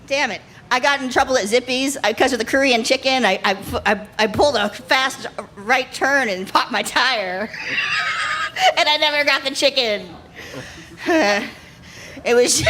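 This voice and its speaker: A woman's voice: on the high side, a bit bright, slight background noise. A woman doing a live stand-up set on stage, often laughing at her own jokes. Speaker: stand-up comedian. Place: live comedy show stage.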